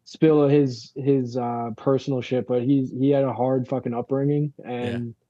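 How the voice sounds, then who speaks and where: A man's voice: mid-range voice, little pitch movement, measured pace, warm tone, no room sound, dull audio. A young man from Long Island with a local accent, a band frontman telling stories in a casual interview, rambling and swearing freely, with lots of fillers. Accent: Long Island New York.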